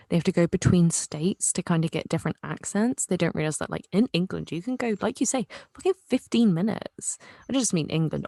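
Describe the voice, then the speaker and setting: Low-voiced frank young woman. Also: creaky, a little mellow, no echo, studio quality. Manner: frank, opinionated, casual swearing. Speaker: podcast co-host. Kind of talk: casual tipsy chat.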